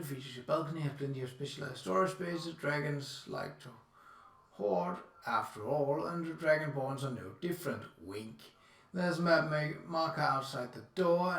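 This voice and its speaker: A man's voice: on the high side, gravelly, echoey room, distant mic. A man streaming live, casually reading out descriptions and musing aloud with lots of fillers.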